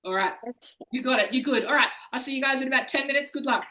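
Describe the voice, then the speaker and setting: Bright-voiced woman hosting. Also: high voice, quick pace, rough recording. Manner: excitable, chatty, laughs often. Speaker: host of an online games night. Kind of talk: casual hosting.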